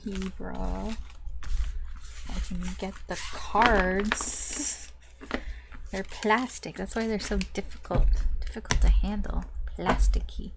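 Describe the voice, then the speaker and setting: A woman's voice: mid-range voice, fairly even intonation, slow, creaky, heavy background noise. A woman doing a casual tarot reading to camera, rambling with many fillers and restarts, and swearing now and then. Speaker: tarot reader.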